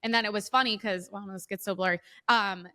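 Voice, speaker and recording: A woman's voice: medium pitch, steady tone, brisk, bright, forceful tone. A woman co-hosting a podcast, telling heated stories in casual political chat, profane and emphatic. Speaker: podcast co-host. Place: Los Angeles.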